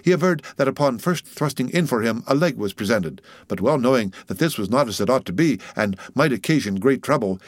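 This audiobook of a classic novel is read by a man whose voice is mid-range, with no echo in the recording. He tells the story in a measured, dramatic way.

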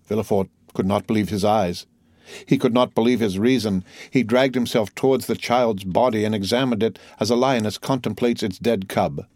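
Man narrator, classic novel audiobook, low voice, dry close mic. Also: a little mellow, dry recording. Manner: measured, dramatic reading.

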